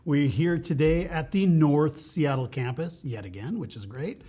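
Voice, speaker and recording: A man's voice: a little high, unhurried, warm tone, husky. A man hosting an interview podcast, friendly and rambling, asking loose questions with fillers. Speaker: podcast host.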